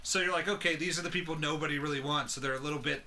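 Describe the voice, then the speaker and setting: A man's voice: on the high side, fairly even intonation, very fast, a crowd in the background. A man co-hosting a casual movie podcast, laughing often as he goes through his notes. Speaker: podcast co-host.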